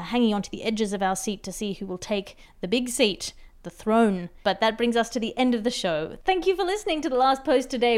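A woman's voice: medium pitch, a little mellow, clear, resonant tone. A woman hosting a comedy podcast, with dry, wry banter and mock-formal sign-offs.

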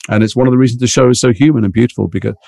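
Man, middle-aged, gravelly, quick talker, dry close sound, animated storyteller. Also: medium pitch, no echo. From England. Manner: animated storyteller acting out voices. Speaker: actor guest. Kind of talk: anecdotal interview chat.

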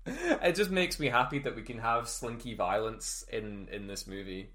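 A man co-hosting a film podcast in casual chat, animated and laughing often as he recounts scenes. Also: medium pitch, a little slow. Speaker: podcast co-host.

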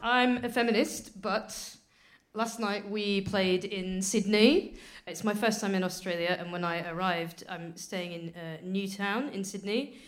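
A woman's voice: medium pitch, fairly even intonation, measured pace. A woman co-hosting a live comedy podcast on a theatre stage, telling wry, laughing anecdotes. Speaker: podcast co-host. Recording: live theatre recording with crowd noise.

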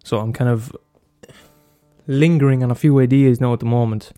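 A man talks through his solo podcast in a loose, rambling way, full of ums, restarts and cheerful swearing. His pitch sits in an ordinary middle range. Faint music plays under his voice. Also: steady tone, normal speed, warm tone. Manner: loose and profane, many fillers and restarts. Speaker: podcast host.

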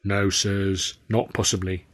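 A man voicing a grumbling, shifty old male watchman of a theatre store, dubious and slow, reading a novel aloud. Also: low-pitched, flat delivery. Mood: sorrowful haggling.

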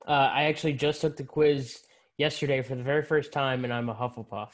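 A man's voice: medium pitch, steady tone, brisk. Easygoing man answering questions. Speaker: guest. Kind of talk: casual interview chat.

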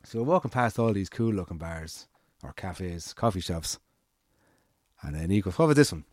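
An Irish man tells a rambling, meandering anecdote in easygoing chat, swearing and slipping into the voices of the people he quotes. His fairly low, slightly mellow voice moves at a moderate pace and sounds close-miked in a dry recording.

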